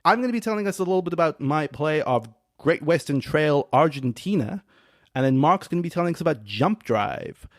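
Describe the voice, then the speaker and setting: A man's voice: a little high, lively intonation, a little fast, no echo, studio quality. A man hosting a casual podcast chat, upbeat and jokingly self-assured. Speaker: podcast host.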